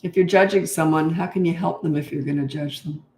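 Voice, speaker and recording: Older female parenting coach, chatty and blunt, mid-pitched, recorded in a roomy space. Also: fairly even intonation, a little fast, darkish tone. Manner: chatty, frank and laughing easily. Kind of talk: answering interview questions. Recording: roomy echo.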